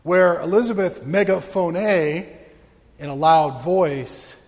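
A man's voice: a little high, slow, long reverb tail. A male pastor preaching a sermon in a church, playful and joking with his congregation.

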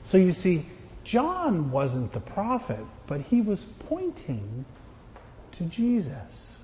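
A man's voice: high voice, wildly swooping pitch, slow, mellow, long reverb tail, lo-fi sound, slight background noise. A man giving a children's sermon as pastor, playful and joking with the kids. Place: church.

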